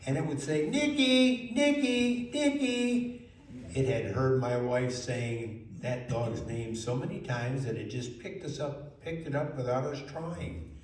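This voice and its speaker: A man telling a children's story in a lively way, asking the listeners questions. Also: medium pitch, unhurried, few pauses. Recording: very echoey room, mic far off, faint noise.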